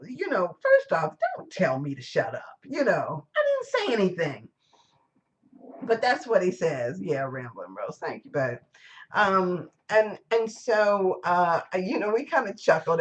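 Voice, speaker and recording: Recorded live during a church service, a woman with a low-pitched voice gives a relaxed, conversational sermon to her congregation. She tells chatty, rambling stories, circling back on herself and piling up fillers and restarts.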